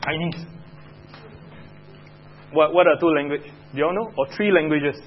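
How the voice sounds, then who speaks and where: A man's voice: fairly high pitch, normal speed, lo-fi sound, slight background noise. A man with a Singaporean English accent teaching a Bible lesson to children, chatting and asking the class questions.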